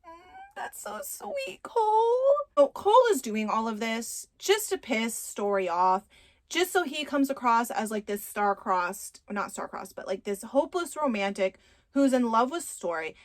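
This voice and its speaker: A woman's voice: a little high, animated, moderate pace. A woman casually recapping a romance novel, chatty and retelling the scenes. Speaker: book reviewer.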